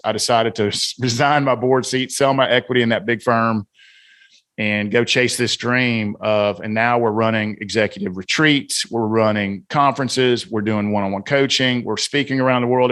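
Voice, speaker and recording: A man, a podcast guest who tells his story with energy and acts out what people said. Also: medium pitch. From Atlanta, US South. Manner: animated storyteller, leans on "man" and "brother", acts out quoted voices. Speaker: guest, author and executive coach.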